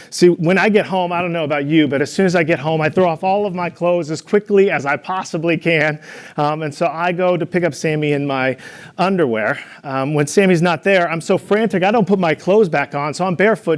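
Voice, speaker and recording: A young man giving a devotional talk, telling playful stories with humor and an encouraging, earnest manner. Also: sits high. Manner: storytelling with playful humor, animated in anecdotes.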